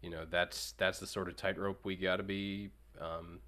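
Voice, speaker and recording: A man co-hosting a casual chat, talking haltingly with many fillers. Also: low-pitched, little pitch movement, bright, forceful tone. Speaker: co-host.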